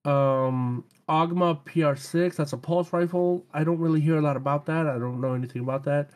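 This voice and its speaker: An easygoing man hosting a casual gaming podcast, with a slightly higher voice. He laughs often and trips over odd weapon names, then carries on. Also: fairly even intonation, brisk, darkish tone. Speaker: podcast host.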